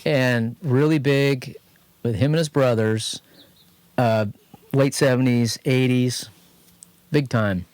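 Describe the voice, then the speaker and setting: A man with a Californian accent co-hosting a podcast, telling a long garage story in a rambling, animated way. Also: mid-range voice, takes it slowly, long pauses, dry recording. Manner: rambling, animated anecdote telling, quotes others in lively voices. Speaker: podcast co-host. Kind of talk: casual garage chat, storytelling. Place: home studio.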